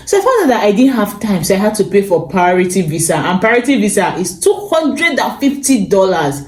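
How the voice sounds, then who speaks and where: A young Nigerian woman with a Nigerian accent, telling a personal story in a casual, animated vlog full of exclamations and repeats. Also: medium pitch, a little fast, few pauses, echoey room. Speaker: vlogger. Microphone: phone.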